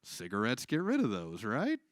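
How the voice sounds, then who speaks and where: A man performing a stand-up comedy set on a live stage, with deadpan delivery, crowd work and acted-out dialogue. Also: medium pitch, normal speed, no echo, studio quality.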